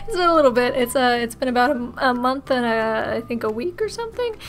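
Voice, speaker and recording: A woman with a high, light voice answers viewer questions in a casual vlog. She rambles, giggles often and jokes at her own expense. Faint music plays quietly behind her. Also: sing-song, a little fast, few pauses. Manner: giggly, self-mocking and rambling.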